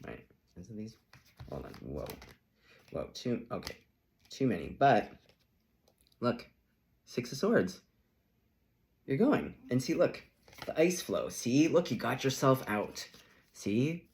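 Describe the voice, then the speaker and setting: A man's voice: medium pitch, big pitch swings, unhurried, gravelly, pauses often, darkish tone. A man giving a casual tarot reading in a playful, chatty way, acting out little reactions as he goes. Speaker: tarot reader.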